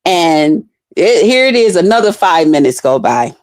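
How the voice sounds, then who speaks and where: A woman's voice: on the low side, expressive, normal speed, a little mellow, dry recording, studio quality. Blunt, profane woman telling a story. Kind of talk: casual storytelling.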